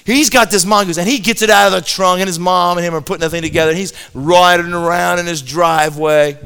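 High-voiced man telling an animated story. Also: quick pace, gravelly, clean tone. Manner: animated, repeats words when starting sentences. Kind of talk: comic storytelling to an audience.

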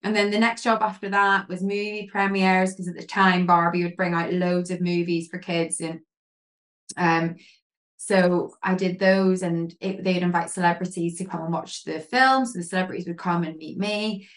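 A woman guest chatting in an interview, telling lively stories full of fillers and acting out what people said. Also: on the low side, normal speed. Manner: lively storyteller, many fillers, acts out quotes. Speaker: guest, pageant queen and photographer. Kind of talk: casual interview chat.

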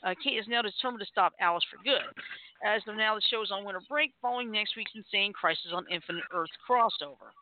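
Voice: mid-range voice, fast talker. A host of an uncensored internet radio show, chatting casually and playfully and laughing often. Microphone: phone line. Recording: tinny phone-line audio.

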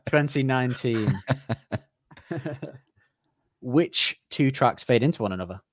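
A man's voice: medium pitch, animated, a little slow, no echo, clean studio sound. A man from England hosting a casual quiz on a podcast, chatty and teasing, laughing often. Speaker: podcast host running a quiz.

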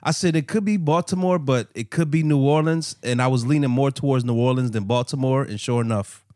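A man's voice: medium pitch, a little fast, darkish tone, dry recording, studio quality. A man co-hosting a podcast, telling stories in a loose, rambling way with lots of fillers. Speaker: podcast co-host. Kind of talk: casual chat.

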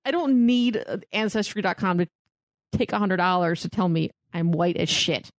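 A woman's voice: fairly low pitch, normal speed, no room sound. Crude, joking woman podcast co-host. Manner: crude, joking, laughing often. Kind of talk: casual chat.

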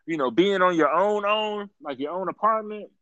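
A man's voice: high voice, moderate pace, dry recording, dull audio. A man in casual chat, telling stories with lots of laughter and repeated slang. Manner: animated storyteller, says "dog" often, laughs while telling.

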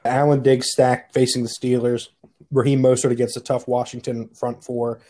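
A man's voice: medium pitch, level tone, normal speed, mellow. A man co-hosting a casual fantasy football podcast, teasing the others with dry sarcasm. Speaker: fantasy league co-host.

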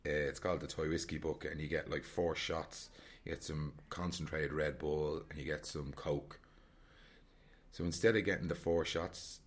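A man from Dublin with a Dublin Irish accent, chatting candidly and reflectively about travelling alone, rambling and repeating himself. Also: rumbling low. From Ireland, Dublin. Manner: rambling, frank, repeats phrases. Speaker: solo traveller vlogger.

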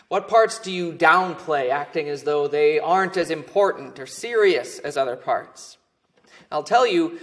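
A man's voice: on the high side, a bit bright. A man preaching a sermon as pastor, earnest and emphatic, with phrase endings that fall away.

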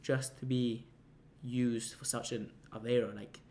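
A young man rambling through a personal story, stumbling over restarts and piling on fillers. His voice sits at an ordinary mid pitch, and a faint ambient hum lingers under the recording. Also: little pitch movement, measured pace, darkish tone. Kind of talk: casual anecdote telling.

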